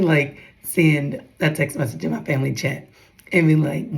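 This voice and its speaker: A woman's voice: sits low, steady tone, normal speed, vocal fry, rough recording. A young woman giving a casual devotional talk to her followers, chatty and calling out to her viewers, acting out others' voices as she retells talks. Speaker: faith vlogger.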